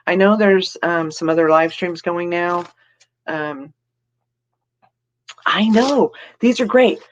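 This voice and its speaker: A woman's voice: lowish voice, takes it slowly, muffled recording. Chatty giggly woman live-streaming. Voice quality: giggly, laughs often between remarks. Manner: chatty and rambling, greets viewers by name. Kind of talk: casual live stream chat, reading comments.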